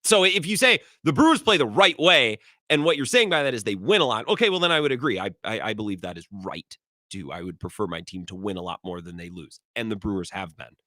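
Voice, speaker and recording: Animated, bright-voiced sports radio host. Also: male voice, on the low side, quick pace, no echo, studio quality. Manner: argumentative, stumbles and repeats words. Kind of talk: opinionated sports talk. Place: radio studio.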